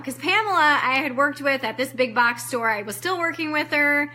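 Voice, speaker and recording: Bright-voiced woman telling a candid story. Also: high voice, moderate pace. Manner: candid, emotional storytelling, acting out her own past lines, casual swearing. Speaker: life coach giving a training. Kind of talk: personal story in a live online training.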